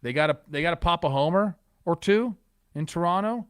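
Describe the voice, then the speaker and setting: Male podcast co-host, slightly high voice, lively and teasing, dry close sound. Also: fairly quick, no room sound. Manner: animated, joking, teasing. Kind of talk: casual sports chat.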